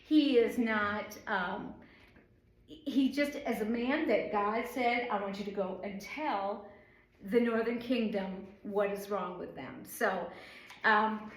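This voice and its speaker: Speaking slowly in a mid-range voice, a middle-aged woman from the northern United States runs a relaxed Bible study, wandering off track and using many fillers. The setting is a church room, and the recording picks up its echo.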